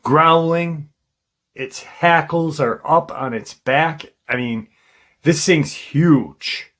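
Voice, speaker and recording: A man hosting a paranormal channel, casually retelling a witness's encounter in a halting way, with frequent ums and restarts. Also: a little high, a bit bright.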